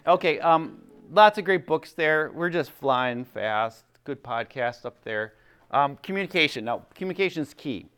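Speaking to a group in a relaxed teaching session, this middle-aged former chaplain has a fairly high, expressive, fairly bright voice and an unhurried pace. The tone is clean with no room sound. He keeps asking "right?" and acts out short quotes.

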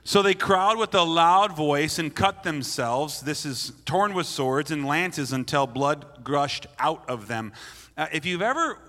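Blunt playful preacher in a big hall. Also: male voice, fairly high pitch, animated, measured pace, bright, forceful tone. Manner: blunt, playful, acts out quotes. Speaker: pastor. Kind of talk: sermon. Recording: long hall reverb.

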